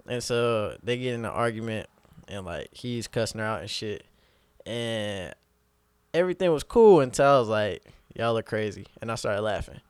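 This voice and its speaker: A young man telling a story in casual chat, animated, laughing and acting out the people he quotes. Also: lowish voice, normal speed, clean tone, dry recording.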